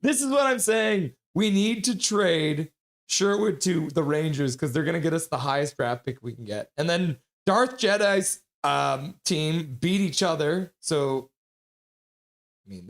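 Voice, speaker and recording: Chatty man streaming hockey chat. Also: a little high. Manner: chatty, reads chat messages aloud and laughs often. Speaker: streamer hosting a hockey watch-along. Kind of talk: casual live-stream chat reading viewer comments.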